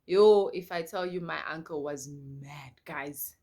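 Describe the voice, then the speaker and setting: A young South African woman telling a personal story to her viewers in an animated, emphatic way, repeating lines for effect. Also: low voice, slow pace. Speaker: storytime vlogger. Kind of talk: casual storytelling to camera.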